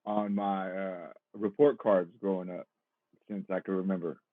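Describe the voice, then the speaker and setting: A man's voice: low-pitched, flat delivery, a little slow, no echo. Thirty-something man on a tinny line. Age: 30s. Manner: talkative, reflective, laughs easily. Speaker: actor, podcast guest. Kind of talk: casual interview chat.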